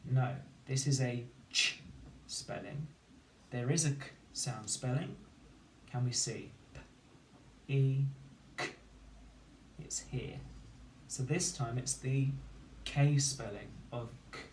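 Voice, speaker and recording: Slow, distant male teacher sounding out words. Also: mid-range voice, slight background noise. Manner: slow, clear sounding-out of syllables. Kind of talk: phonics lesson for children. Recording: roomy echo, distant mic, faint ambience.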